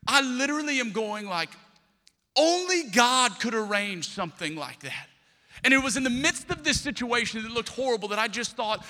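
A man's voice: high voice, sharp tone. A man, preaching a sermon as pastor and telling stories, acting out the voices he quotes. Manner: storytelling, acts out quoted voices. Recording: long hall reverb.

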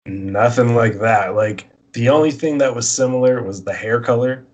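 Husky man telling a rambling story. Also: mid-range voice, moderate pace, dull audio. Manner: rambling, animated storyteller acting out dialogue. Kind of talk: casual podcast storytelling.

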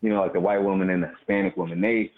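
Low-voiced man, fired up on a call. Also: steady tone, very fast. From Baltimore, USA. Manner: profane, heated storytelling. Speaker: caller. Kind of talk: casual call-in chat. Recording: lo-fi call with faint noise.

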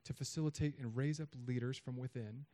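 A man preaching a sermon in a conversational, joking way, swinging between loud emphatic peaks and quiet asides. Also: mid-range voice, steady tone, brisk.

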